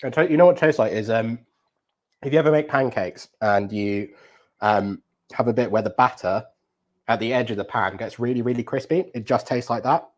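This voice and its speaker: A man hosting a live cooking challenge, hurried and breathless, then chatty and full of ums as he explains his dishes. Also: medium pitch. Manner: flustered and breathless under time pressure, then chatty explaining with many ums.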